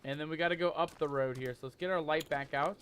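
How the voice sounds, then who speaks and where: A man playing a survival horror game and commenting as he goes, calling his viewers "mateys" and shouting when he gets scared. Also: fairly high pitch, fast talker, slight background noise. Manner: jumpy, excitable, loud when scared. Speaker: gaming YouTuber. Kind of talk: let's play commentary.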